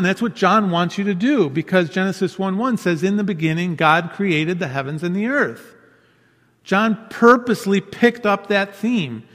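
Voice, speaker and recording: A man's voice: on the high side, a bit bright. A man preaching a sermon in an earnest way, repeating key phrases for emphasis. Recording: long hall reverb.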